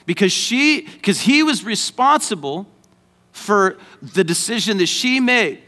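A man's voice: high voice, animated, measured pace, sharp tone. A man preaching a sermon as pastor, conversational and joking, then rising to emphatic points.

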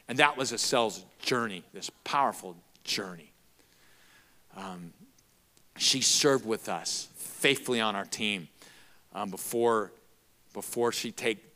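A man preaching a sermon, telling a story in an animated, emphatic way. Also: mid-range voice.

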